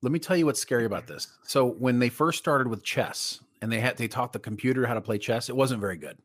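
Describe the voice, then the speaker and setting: A man's voice: mid-range voice, fast talker. A man co-hosting a live show, talking casually with lots of "like" and a curse here and there. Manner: relaxed, swears casually, fills with "like". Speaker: co-host. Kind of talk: casual chat.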